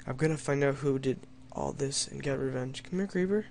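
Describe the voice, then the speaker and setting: A man's voice: medium pitch, brisk, creaky, a little mellow, slight background noise. A young man doing let's play commentary, reading story lines in a mock-dramatic tone and joking wryly at himself. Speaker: gamer playing an adventure map.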